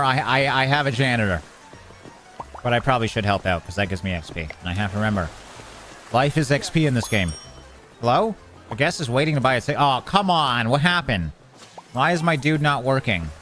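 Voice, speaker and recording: A young man giving casual, chatty commentary while playing a building game, joking at his own expense and getting excited over small things. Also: mid-range voice. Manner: chatty, self-mocking, easily excited. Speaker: gaming streamer.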